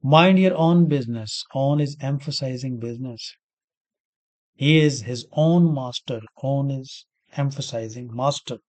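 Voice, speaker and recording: Speaking a little slowly in a medium-pitched, slightly mellow voice, a male English grammar teacher explains example sentences one step at a time. Key words come up repeatedly, and he poses questions to himself, then answers them.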